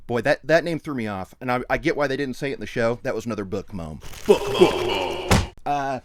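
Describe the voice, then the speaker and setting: A man co-hosting a podcast in casual chat, animated, laughing often and swearing. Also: mid-range voice, fast, background noise. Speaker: podcast co-host.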